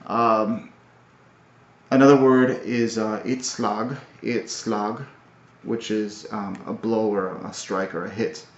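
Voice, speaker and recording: A man recapping his language studies in a casual video, talking in a halting, thoughtful way with many fillers and restarts. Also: lowish voice, little pitch movement. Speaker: language learner. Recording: roomy, dull lo-fi audio.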